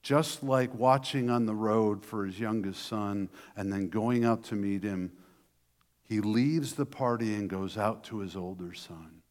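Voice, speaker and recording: Animated preacher man in a reverberant hall. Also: lowish voice, unhurried. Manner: animated storytelling with restarts. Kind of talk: sermon.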